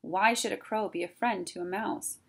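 A woman voicing a stern, formal old male owl in a storybook read-aloud, speaking in a measured, formal way. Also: medium pitch, steady tone, gravelly, slightly rough.

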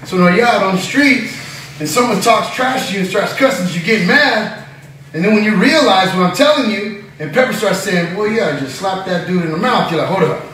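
A high-voiced man giving an animated Bible-study sermon, breaking into laughter and acting out voices as he goes. He sounds far from the mic in a very echoey classroom, with noise audible behind him. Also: fairly quick. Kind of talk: lively teaching sermon.

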